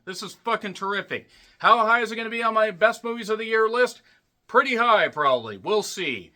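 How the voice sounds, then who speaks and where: Male film reviewer, slightly high, very bright and sharp voice, loose profane rambling delivery with throat clearing. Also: expressive, a little fast. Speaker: movie reviewer. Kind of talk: casual spoken film recap.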